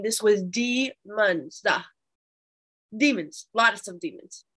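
A young woman teaching a Bible study, telling a testimony in an animated, chatty way with fillers. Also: a little high.

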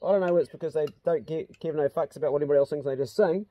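A man's voice: on the high side, rapid-fire, muffled recording. A middle-aged man with a New Zealand accent, hosting a cheeky, casual chat and swearing freely. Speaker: host.

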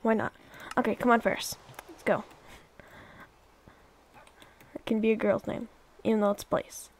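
A woman's voice: on the high side, flat delivery, measured pace. A young woman chatting and rambling through her gameplay commentary, exclaiming and coaxing her pets along. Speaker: let's play YouTuber.

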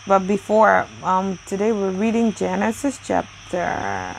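A chatty woman hosting a daily Bible reading show, talking in a loose, effusive way and often breaking into exclamations. Her voice sits at an ordinary middle pitch for a woman. Faint crickets and insects chirp quietly behind her. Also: very animated, unhurried, creaky, slight background noise, poor audio. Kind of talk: casual chat with birthday shout-outs.

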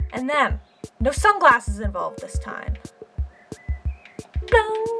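A woman casually commenting while she plays a game, playful and excitable, cheering and trash talking and now and then squeaking in a silly high voice. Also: creaky. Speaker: gaming video creator. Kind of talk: playing a game with live commentary.

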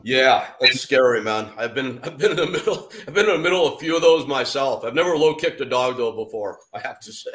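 A man's voice: medium pitch, expressive, brisk, hardly any pauses, fairly bright tone, a little hiss or hum. A man co-hosting a podcast, chatting casually and agreeably. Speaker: podcast co-host. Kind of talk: casual chat.

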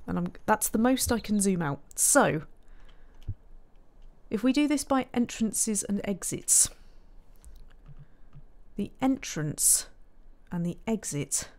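A woman's voice: medium pitch, lively intonation, slow, long pauses, a little mellow. A woman giving casual let's-play commentary, chatting to herself and muttering frustrated asides while she builds. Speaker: game streamer.

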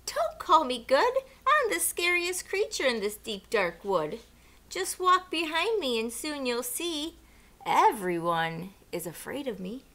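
Lady doing a tiny clever mouse, squeaky and excitable, bouncing around in pitch. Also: measured pace, full character voice. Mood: boastful. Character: small clever boastful male mouse.

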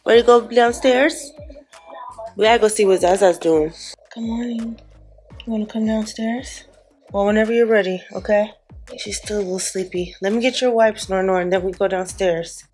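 A woman's voice: medium pitch, steady tone, normal speed, faint music behind, low-quality recording. Sassy young woman vlogging at home. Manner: sassy, scolding the kids, then hushed at night. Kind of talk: casual vlog narration.

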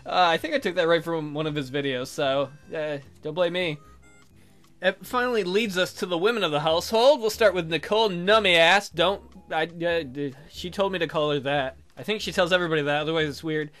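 A man talks through a life-sim game in loose, joking commentary and swears often. His voice sits high with a bright, sharp edge, and faint music plays underneath. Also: a little fast. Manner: joking, rambling, swears freely. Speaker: video game let's player. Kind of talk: casual gameplay commentary.

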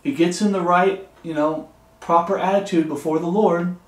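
A man's voice: high-pitched, steady tone, moderate pace. Earnest male preacher in an echoey room. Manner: earnest, repeats and restarts phrases, reads scripture aloud. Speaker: Bible teacher. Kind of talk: sermon-style Bible study.

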